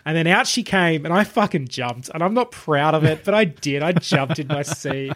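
A man's voice: on the high side, expressive, moderate pace, fairly bright tone. A man co-hosting a film podcast, chatting casually and animatedly, swearing freely. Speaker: podcast co-host. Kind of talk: casual chat reviewing a film.

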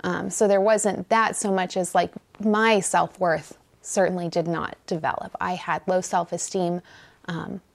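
A middle-aged woman from Southern California talks about her past in a low, gravelly voice. She speaks softly and reflectively, pausing often with hesitant ums as she gathers her thoughts. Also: flat delivery. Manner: soft-spoken, reflective, hesitant with many ums. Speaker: guest. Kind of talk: candid personal conversation.

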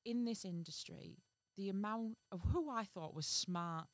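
A woman's voice: medium pitch, a little slow, no room sound. A woman co-hosting a comedy podcast, chatting loosely, acting out what others said, and reading a story aloud. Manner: animated, acts out quoted people, laughs often. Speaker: podcast co-host.

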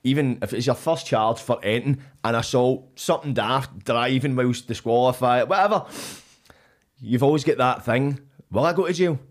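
A man's voice: mid-range voice, moderate pace. A Scottish man telling stories as a podcast guest in casual chat, animatedly acting out his own past lines and swearing freely.

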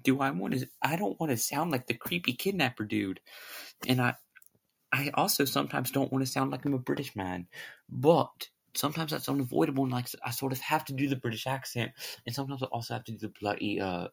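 Male podcast host, casual solo ramble, husky voice, asks himself questions. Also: mid-range voice, brisk, a bit bright. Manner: rambling, musing aloud with lots of questions.

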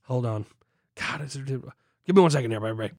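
A man's voice: medium pitch, fast talker. A young man hosting a casual beer podcast, rambling and joking at himself, with many fillers and restarts. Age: young adult. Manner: rambling, self-deprecating, lots of fillers and restarts. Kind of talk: casual chat.

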